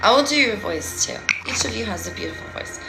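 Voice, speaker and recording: A woman who calls herself a healer, giving a rambling, playful and dramatic live-stream monologue that swings between loud and hushed. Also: on the high side, animated, fast talker, gravelly, music in the background, rough recording.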